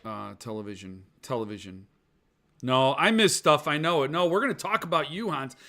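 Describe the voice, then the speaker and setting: A man with a slightly high, bright, forceful voice hosts a casual live stream. He rambles and reads viewer comments aloud, answering with jokey, self-deprecating asides. His talk wanders and restarts as he chats with the viewers. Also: expressive, fairly quick. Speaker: podcast host.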